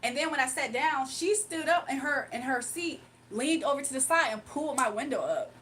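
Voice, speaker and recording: Woman, young, high voice, livestream storytelling, animated, chatty. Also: brisk, distant mic, slight background noise, low-quality recording. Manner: animated, chatty, with frequent laughs and asides. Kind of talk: casual storytelling to a live chat.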